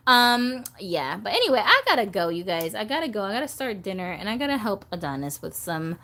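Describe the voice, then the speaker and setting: Woman, doll-collecting live-stream host, casual chat, giggly, very animated pitch. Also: fairly quick, hardly any pauses.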